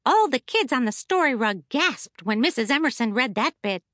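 Bright-voiced woman narrating a children's audiobook. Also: on the high side, big pitch swings, moderate pace, dry recording, studio quality. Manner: cheerful, chatty first-person narration. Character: a stuffed toy telling the story, the teacher's favorite.

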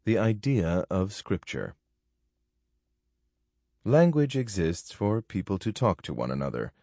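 A man reading a nonfiction book aloud in a measured, formal narration. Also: low-pitched, big pitch swings, creaky, dark tone, no room sound, clean studio sound. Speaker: audiobook narrator.

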